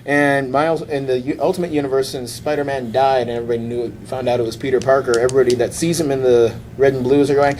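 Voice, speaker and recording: A man of middle pitch holds the floor on a casual podcast, walking his friends through a comic plot. He talks like a lively storyteller who can't wait to share the next bit. A faint background hiss runs beneath him. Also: fast talker, hardly any pauses. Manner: lively storyteller who acts out quoted lines. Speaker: podcast host. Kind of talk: casual chat retelling a comic.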